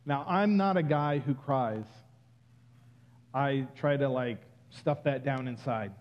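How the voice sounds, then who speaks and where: Guy preaching in church, slow and deliberate, kinda highish voice, muffled lo-fi sound. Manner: personal, builds to loud exclamations. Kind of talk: sermon.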